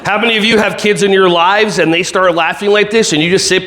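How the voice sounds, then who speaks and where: A man's voice: high-pitched, steady tone, a little fast, a bit bright. A man giving a playful, jokey keynote talk to a live audience from a stage. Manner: playful, jokey, makes silly laser sound effects. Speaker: keynote speaker. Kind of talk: energetic motivational keynote. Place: conference hall with live audience.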